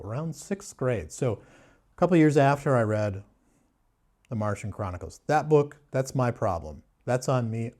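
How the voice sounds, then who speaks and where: A man giving a sarcastic, mock-serious book review in a deadpan way. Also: lowish voice. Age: adult. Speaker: booktuber.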